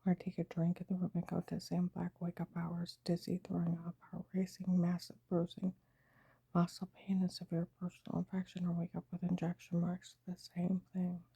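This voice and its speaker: A woman telling a personal story to camera in an agitated, emphatic way, often dropping into a breathy half-whisper. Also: on the low side, monotone, a little fast, warm tone, no echo. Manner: agitated, emphatic retelling with quoted dialogue.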